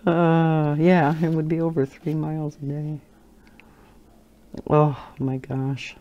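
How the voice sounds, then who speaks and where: Older woman, coloring-channel host: low voice, slow and chatty, laughs easily. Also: flat delivery, dull audio. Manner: chatty and rambling, laughs often. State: holding a baby while talking. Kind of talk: casual chat while coloring.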